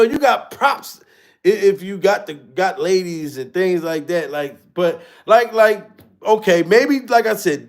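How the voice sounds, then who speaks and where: Man, high voice, livestream host, slangy casual talk, laughs a lot. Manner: laughs often, slangy, loose and chatty. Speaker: livestream host reading chat.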